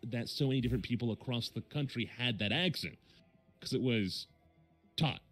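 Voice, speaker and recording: A man's voice: medium pitch, normal speed, fairly bright tone, soft background music. A man with a Midwestern American accent, hosting a casual chat stream and rambling with lots of fillers and self-corrections.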